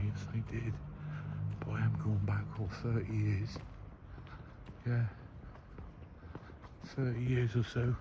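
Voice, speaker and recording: A man in his fifties with a Norfolk accent, mumbling and rambling as he reminisces while walking outdoors. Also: on the low side. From Norwich, England. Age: 50s. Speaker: vlogger. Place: outdoors, walking by a river and streets. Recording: outdoor phone recording with background noise.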